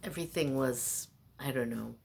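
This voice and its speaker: A woman's voice: very deep voice, normal speed, gravelly, a little mellow, slight background noise. A woman vlogger delivering a rambling, exasperated, self-mocking monologue.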